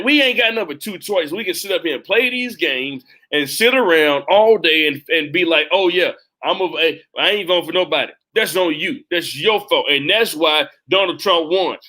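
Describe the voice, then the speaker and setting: A young man with hosts live political commentary in a high, bright, ringing voice. He talks emphatically, circling back to the same lines with a preacher's rhythm. His delivery leans hard on each point. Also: moderate pace, hardly any pauses. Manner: emphatic, repeats himself, preaching cadence. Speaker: host.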